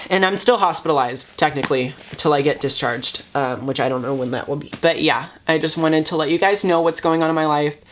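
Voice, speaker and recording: Chatting to the camera for his vlog, this young YouTuber keeps an intentionally upbeat tone despite hesitations and plenty of fillers. His voice is a little high and fairly bright.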